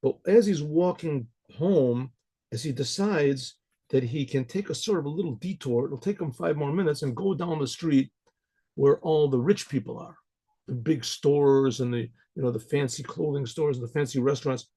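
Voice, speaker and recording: A man, a rabbi, telling a folk tale in a loose, rambling way, repeating words and often clearing his throat. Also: a little high, moderate pace, dark tone. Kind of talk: storytelling to an audience.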